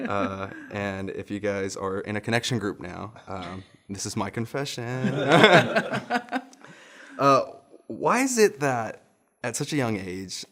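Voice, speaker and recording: A young male pastor with a fairly low voice tells a story from his childhood in a relaxed, conversational sermon. He laughs at his own tale now and then. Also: slow pace. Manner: chuckles often while telling a story.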